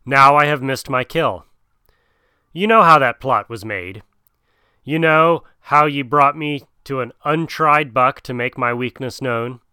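A man's voice: medium pitch, measured pace, pushed and bright, clean tone, no room sound, studio quality. A man voicing a weary old male wolf who leads the pack, speaking with dignity. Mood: weary defiant. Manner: dignified, pleading.

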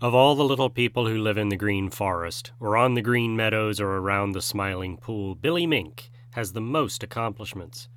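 A man's voice: lowish voice, normal speed, few pauses, fairly bright tone. Man reading a storybook aloud. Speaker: narrator. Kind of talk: scripted storybook narration.

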